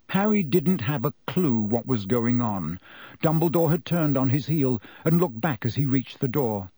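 A man's voice: medium pitch, animated, moderate pace, warm tone, slightly rough, no room sound. A man reading a children's fantasy novel aloud as narrator, telling the story expressively. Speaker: audiobook narrator. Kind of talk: scripted narration.

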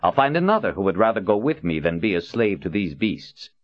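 A man's voice: low voice, very animated, a little fast, dry recording. A man voicing a grand, theatrical older male prophet who talks in a silky, mocking, commanding way. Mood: stern. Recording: dull lo-fi audiobook recording.

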